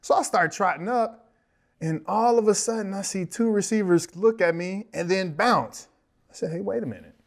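A man who used to play football, co-hosting a podcast and telling a story with big excitement and wheezing laughter. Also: sits high, moderate pace. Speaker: podcast co-host, former football player. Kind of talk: animated storytelling.

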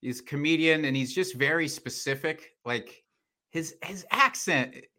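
A man with a high, slightly odd voice, chatting casually as a podcast guest and often laughing at himself. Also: normal speed, bright, forceful tone. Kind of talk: casual chat.

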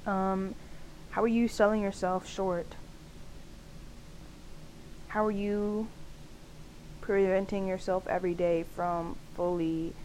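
A woman's voice: mid-range voice, flat delivery, takes it slowly, long pauses, a little mellow, slight background noise, low-quality recording. A young woman hosting her own podcast, talking candidly in a loose, chatty way, full of "like" fillers and laughter. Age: young adult. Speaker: podcast host. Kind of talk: casual solo podcast monologue.

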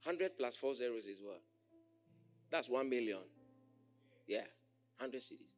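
A man preaching a sermon as pastor, animated, often shouting and laughing as he mimics others. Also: medium pitch, a little slow, soft background music.

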